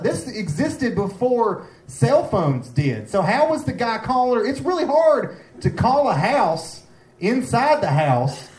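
A man doing a stand-up comedy set, rambling and excitable, jumping from one thought to the next. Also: extremely high pitch, unhurried. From Gate City, Virginia. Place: comedy club stage. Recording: echoey room, faint ambience.

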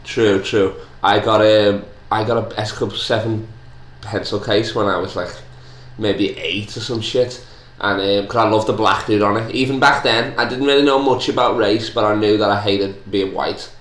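A man hosting a casual comedy podcast, teasing his guest with crude, quick jokes. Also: lowish voice, fairly even intonation, fairly bright tone. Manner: crude, joking, fast teasing. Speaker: podcast host. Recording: roomy echo.

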